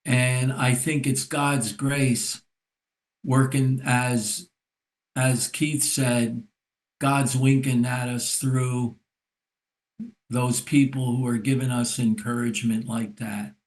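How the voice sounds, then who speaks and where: An older man, a therapist and recovery mentor, telling a story in a relaxed podcast conversation. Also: mid-range voice. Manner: unhurried, reflective storyteller. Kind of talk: casual storytelling in a podcast discussion.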